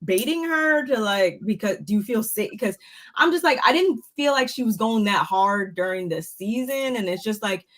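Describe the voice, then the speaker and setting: Animated woman chatting casually. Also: mid-range voice, normal speed. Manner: animated, rambling, rising to loud exclamations. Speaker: podcast co-host reviewing a reality show. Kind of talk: casual chat.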